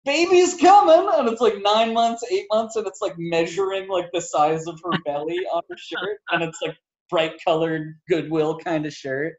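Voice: mid-range voice, animated, moderate pace, lo-fi sound. A podcast co-host in a casual film review chat, rambling with lots of filler words and frequent laughs.

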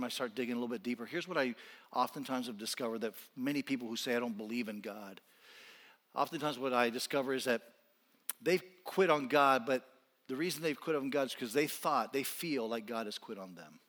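A man preaching a sermon as a pastor in a church, swinging from intense, almost shouted appeals down to quiet, soft-spoken lines. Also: medium pitch, fast, big-room sound. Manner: impassioned, rising to near-shouting then dropping quiet. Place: church sanctuary.

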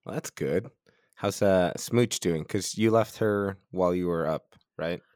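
A strength coach co-hosts a health podcast, chatting casually, joking loosely, and laughing often. His voice is low, a little slow, and a bit mellow. The recording is dry and studio quality.

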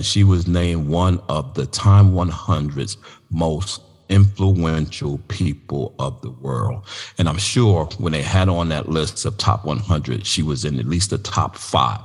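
A man hosting a podcast, talking casually and telling animated, folksy stories. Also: very deep voice, husky, in a large hall. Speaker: podcast host.

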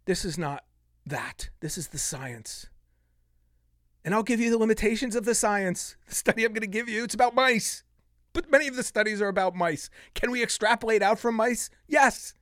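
A man's voice: high-pitched, brisk, a bit bright, no echo, clean studio sound. Passionate fifty-something male podcast host. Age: 50s. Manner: passionate, gets worked up and vents. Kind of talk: solo podcast monologue.

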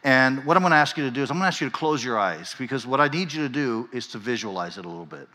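A middle-aged man preaches from the pulpit, his tone bright and forceful as he tells a story full of self-mocking humor. He then drops into a slow, hushed reading. A long church echo trails every phrase. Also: medium pitch, lively intonation. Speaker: pastor. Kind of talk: sermon. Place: church sanctuary.

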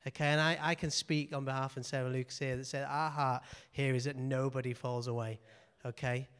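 A man's voice: medium pitch, level tone, quick pace, fairly bright tone, clear, resonant tone. A man giving an informal sermon in a church meeting room, earnest and repetitive, often checking in with "okay". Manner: earnest, repeats phrases, frequent "okay". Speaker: preacher.

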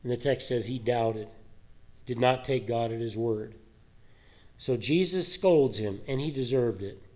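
A man's voice: medium pitch, unhurried, darkish tone. A male pastor giving a sermon in a conversational way, asking many rhetorical questions.

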